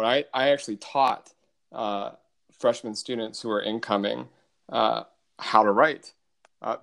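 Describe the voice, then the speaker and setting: A man, an army officer, answering interview questions in a measured, explanatory way with filler uhs. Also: lowish voice, vocal fry.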